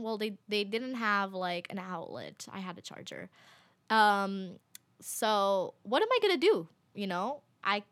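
Young woman, vlogger, bright tone, dry close sound, casual animated storytelling, fillers and laughs. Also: mid-range voice, dry recording.

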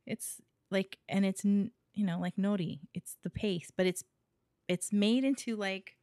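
A woman from Hawaii co-hosts a podcast, chatting casually with giggles and plenty of fillers. Her voice is mid-range, steady and a little mellow, unhurried, with a dry, studio-quality recording.

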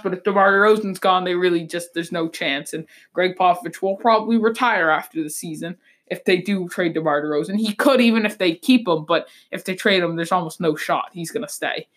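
A woman's voice: mid-range voice, fairly bright tone. A woman hosting a sports podcast, giving blunt, opinionated takes in a loose, rambling way with frequent restarts. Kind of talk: casual sports talk.

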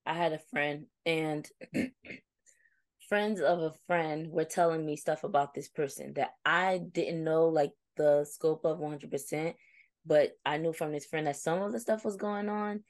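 A woman's voice: low-pitched, unhurried, no echo. A young adult woman co-hosting a casual chat, telling a reflective story and acting out her friends' replies. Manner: reflective, storytelling, animated when quoting friends. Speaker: co-host.

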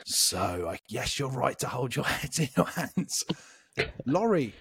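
A man from the United Kingdom hosting a podcast quiz with animated, teasing, casual banter. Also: mid-range voice, a little slow, creaky, slightly rough, no echo. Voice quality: animated, teasing, swears freely. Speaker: quizmaster and podcast host. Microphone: podcast microphone.

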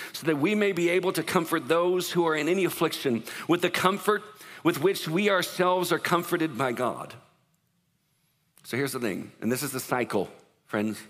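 A man preaching a sermon as pastor, in an animated, conversational way, acting out what people say. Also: on the high side, in a large hall.

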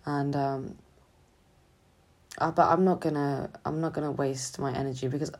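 A young woman student talking haltingly and hesitantly in a confessional vlog, sounding drained and low on energy. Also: steady tone. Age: young adult. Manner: halting, hesitant, full of restarts. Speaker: student vlogger.

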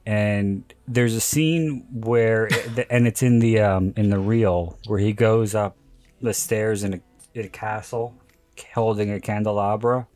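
A man's voice: fairly low pitch, fairly even intonation, unhurried, darkish tone, no echo. A man hosting a podcast, telling stories in a casual chat and laughing often as he goes. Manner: chatty storyteller, laughs often. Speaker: podcast host.

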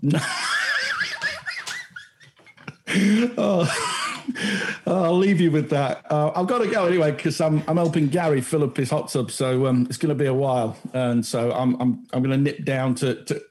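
A man's voice: on the high side, steady tone, moderate pace, a little mellow, a little hiss or hum. A man co-hosting a casual chat over a video call, with a dry, joking manner. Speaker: co-host.

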